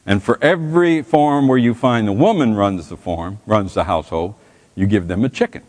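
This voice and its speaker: A man voicing a confident older male professor who gives unhurried instructions, in a reverberant hall. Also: fairly low pitch, darkish tone, close to an everyday voice. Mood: instructing.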